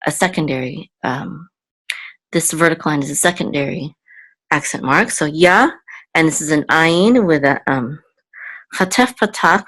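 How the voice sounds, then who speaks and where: A woman's voice: sits low, expressive, a little slow, a bit bright, poor audio. A woman hosting a Hebrew reading lesson, patiently sounding out words syllable by syllable. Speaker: Hebrew teacher. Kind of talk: slow step-by-step reading lesson.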